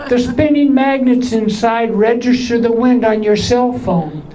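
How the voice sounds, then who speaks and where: A man doing stand-up comedy in a small theater with a weak, high voice from voice surgery. He teases the audience with innuendo. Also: a little slow, warm tone, slight background noise, low-quality recording. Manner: teasing banter with the audience, full of innuendo. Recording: live show with audience laughter.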